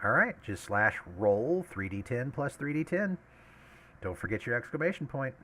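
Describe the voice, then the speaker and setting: Lively, bright-voiced male game master. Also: medium pitch, moderate pace, slight background noise. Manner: lively, laughs often, explains rules. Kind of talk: running a tabletop game session.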